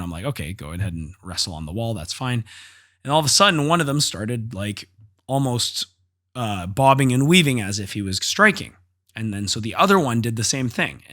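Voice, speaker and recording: A man's voice: medium pitch, fairly bright tone. Blunt, profane man telling a story. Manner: blunt and profane, acts out quotes with rising intensity. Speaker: podcast host and jiu-jitsu instructor. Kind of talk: casual solo podcast storytelling.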